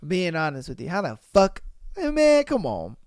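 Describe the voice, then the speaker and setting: A man hosting a podcast, reading listener posts aloud and reacting with animated, slangy, profane commentary. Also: high-pitched, normal speed, dry recording, clean studio sound. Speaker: podcast host.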